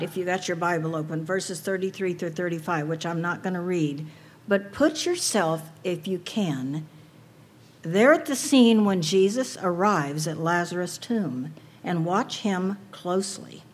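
A woman's voice: on the low side, darkish tone, slightly rough. A woman preaching a sermon to a women's audience, earnest and personal, asking rhetorical questions.

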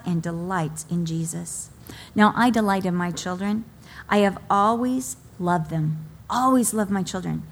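A middle-aged woman preaching a sermon. She speaks with emotion, mixes stories about her children into her teaching, and slows down to stress key phrases. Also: mid-range voice. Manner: slow, deliberate emphasis on key phrases.

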